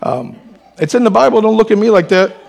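A man preaching to his church in an animated way, with joking asides and calls for the congregation to respond. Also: high voice, fairly quick, creaky. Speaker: pastor. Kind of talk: sermon.

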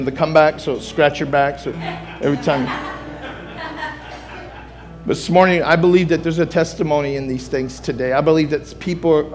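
A man preaching a sermon as pastor, moving from soft pleading to loud shouting and repeating phrases for emphasis. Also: fairly high pitch. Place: church sanctuary.

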